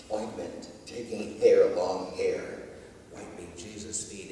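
Picked up by a distant mic in an echoey church sanctuary, with slight background noise, a US pastor preaches in a mellow, fairly low voice. He relates the story in a conversational manner and asks his congregation questions.

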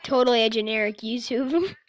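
A woman's voice: a little high, a little fast, dry recording. A woman doing a teasing, sarcastic reaction commentary on a video as a YouTuber, often laughing.

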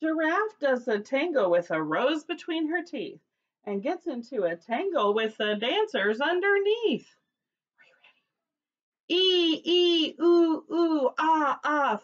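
A high, bouncy woman's voice, a preschool teacher who reads slowly and carefully to young children and leads them in chants. It sounds slightly dull and lo-fi. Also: big pitch swings, fairly bright tone. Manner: cheerful sing-song teacher voice, leads call-and-response chants. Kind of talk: reading a picture book aloud to young children.

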